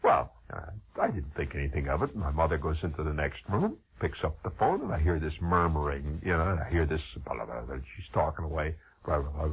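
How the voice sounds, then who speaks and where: Speaking a little fast with a husky bass and hardly any pauses, a man recounts a rambling, comic childhood story as a conversational radio monologue. He's animated and keeps digressing, and the sound is dull lo-fi radio.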